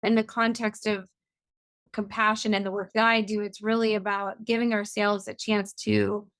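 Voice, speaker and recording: A middle-aged woman, a compassion coach and author, explains things earnestly as a guest in a podcast interview. Her voice is mid-range, with no echo.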